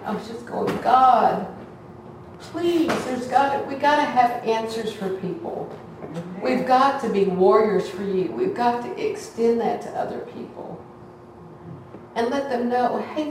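A woman's voice: fairly high pitch, background noise. A woman giving a heartfelt, conversational testimony to a church congregation. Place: church hall. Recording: echoey hall from far off.

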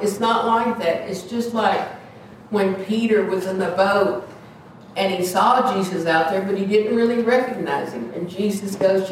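A woman's voice: mid-range voice, measured pace. An earnest woman preaches and prays in a plain, conversational way, leaning hard on her key words. Her voice rings through a very echoey church hall, picked up from some distance. A faint hiss sits underneath. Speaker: lay preacher leading prayer. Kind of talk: informal sermon and prayer. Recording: echoey hall, mic far off.

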